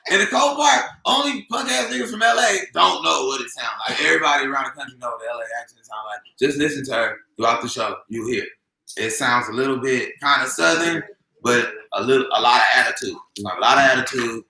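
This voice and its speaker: A comedy host with a Los Angeles accent trades loud, profane, teasing banter, his voice gravelly and bright. He sounds set back from the microphone in an echoey room. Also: mid-range voice, quick pace, distant mic. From Lynwood, Los Angeles.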